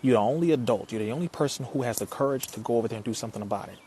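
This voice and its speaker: A man giving an impassioned talk to an audience, preacherly and forceful, firing rhetorical questions and rising to emphatic peaks. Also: mid-range voice, rapid-fire, slight background noise. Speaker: speaker addressing an audience.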